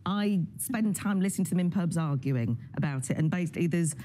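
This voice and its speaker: A woman guest on a studio interview, explaining accent coaching in a lively, demonstrative way. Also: lowish voice, fairly quick.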